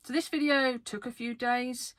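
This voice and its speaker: A woman card game YouTuber from the UK, talking fast and excitedly to camera in a casual vlog, laughing often. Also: fairly high pitch, dry recording. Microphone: camera facing her.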